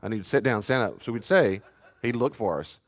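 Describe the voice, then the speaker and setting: Lively low-voiced male pastor. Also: brisk. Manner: animated storyteller, acts out family scenes. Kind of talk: teaching talk with questions from the group.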